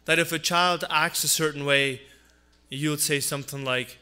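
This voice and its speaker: A man preaching a Christmas sermon, earnest and repeating phrases for emphasis, dropping low on his asides. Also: normal speed, sharp tone, clear, resonant tone. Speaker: pastor.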